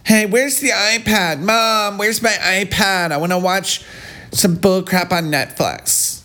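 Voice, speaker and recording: A man's voice: high-pitched, slow pace, bright, forceful tone, pitched above the performer's own voice, full character voice. A man voicing a whiny, bratty young girl who demands her tablet.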